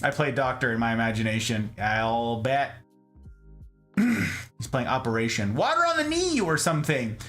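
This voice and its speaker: A man's voice: mid-range voice, very animated, normal speed, a bit bright. A young man hosting a casual livestream, joking with chat and greeting viewers by name while doing chores. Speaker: livestream host. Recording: echoey room with music underneath.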